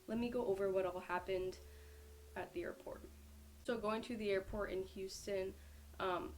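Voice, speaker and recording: A woman's voice: medium pitch, darkish tone, a little hiss or hum. A young adult woman, a powerlifter, chatting casually to camera in a vlog and filling her talk with lots of "like". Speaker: powerlifter vlogger.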